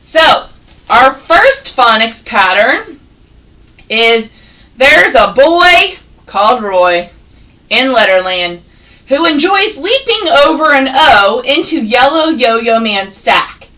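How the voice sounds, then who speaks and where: A woman teaching a first grade class, sounding out words slowly and praising the children. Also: fairly high pitch, sing-song, sharp tone, distant mic, low-quality recording. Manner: slow, exaggerated sounding out of words, encouraging. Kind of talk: classroom phonics and reading lesson.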